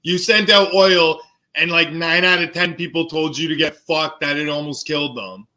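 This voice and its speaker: A man's voice: on the high side, fairly even intonation, moderate pace, pushed and bright. A man streaming and giving commentary in a mocking, profane way.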